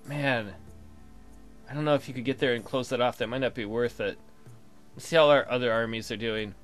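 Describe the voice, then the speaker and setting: A man's voice: medium pitch, fairly bright tone. A man casually commenting on his gameplay, swearing, thinking aloud, and reading the game text. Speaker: let's play gamer.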